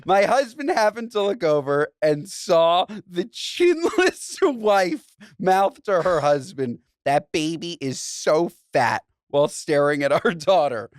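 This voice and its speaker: A man co-hosting a podcast in casual chat, animated and crude, laughing often and reading a listener letter aloud. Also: a little high, takes it slowly, few pauses, dry recording, studio quality. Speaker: podcast co-host.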